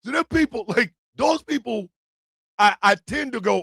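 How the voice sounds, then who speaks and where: A man hosting a live stream show, telling animated, profane jokes in a casual rant. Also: very high voice, normal speed, gravelly, husky, no echo, clean studio sound. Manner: animated, joking, profane storytelling. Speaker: host.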